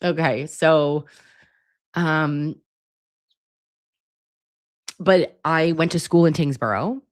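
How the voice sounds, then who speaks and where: A woman in her forties from Massachusetts chats casually on her livestream. Her voice is low, and she swears freely and leans on "like" as a filler. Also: drawn-out words, no echo, studio quality. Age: 40s. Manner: chatty, profane, many "like" fillers. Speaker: livestream host.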